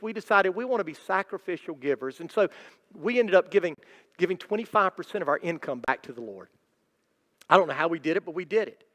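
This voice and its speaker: Long reverb from the church hall surrounds this pastor's high-pitched, fairly bright voice. He preaches with emphasis and repetition, steadily building in intensity in the sanctuary.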